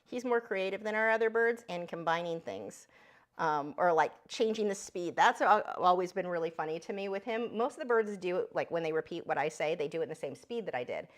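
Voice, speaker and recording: A woman's voice: lively intonation, brisk. A woman giving a chatty live drawing lesson, breaking off now and then to talk to her pet bird. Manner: high squeaky voice when talking to her bird. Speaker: art instructor.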